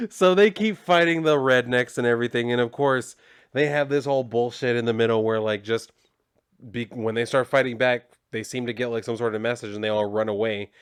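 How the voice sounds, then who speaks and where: A man's voice: mid-range voice, normal speed, clean tone, dry recording, clean studio sound. A man recapping a comic book in a casual, sarcastic and profane way, rambling as he goes.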